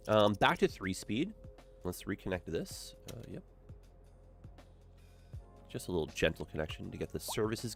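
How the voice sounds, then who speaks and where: A man with a stuffed-up nose giving casual gameplay commentary, thinking aloud in a relaxed way. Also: lowish voice. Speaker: game streamer.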